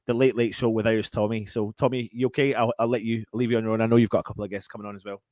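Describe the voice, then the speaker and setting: A man's voice: lowish voice, little pitch movement, racing, a little mellow, no room sound, clean studio sound. A man introducing a fan channel's live stream, enthusiastic, with frequent repeats and restarts. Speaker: channel host introducing the show.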